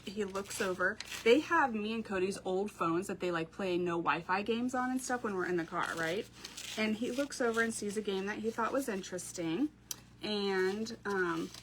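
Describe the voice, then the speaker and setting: A woman's voice: mid-range voice, fairly bright tone, slight background noise. A woman, hosting a craft live stream from home, chatting to viewers, telling stories and laughing often. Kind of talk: casual live-stream chat.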